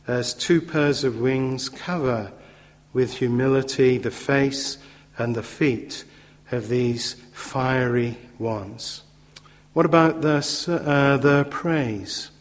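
A man preaching a sermon in a measured, emphatic way, with occasional fillers and repetition for stress. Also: medium pitch. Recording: long hall reverb.

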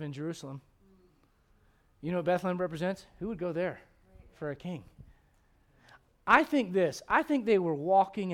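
A man with a notably high voice preaches a sermon, pressing his points with emphatic rhetorical questions. He speaks as a pastor addressing his congregation. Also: fairly bright tone. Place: church service before a congregation.

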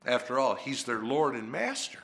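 A man preaching a sermon, emphatic and dramatic, swinging from hushed to loud. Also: medium pitch, big pitch swings, moderate pace, vocal fry.

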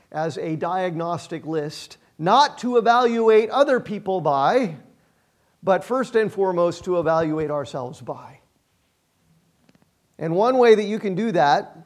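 High-voiced man preaching conversationally. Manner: conversational and self-deprecating, with emphatic repetitions. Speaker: pastor. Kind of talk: sermon.

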